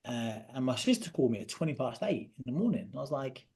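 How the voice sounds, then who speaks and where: A man, a podcast guest telling a personal story in an earnest, halting way that often drops to a quiet voice. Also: medium pitch, expressive, breathy edge. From Britain.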